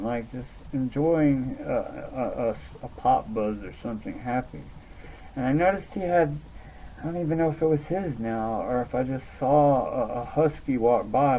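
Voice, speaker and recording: A man's voice: mid-range voice, mellow, a little hiss or hum, poor audio. A young man telling a rambling personal story in a casual monologue, with many restarts and swearing. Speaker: vlogger.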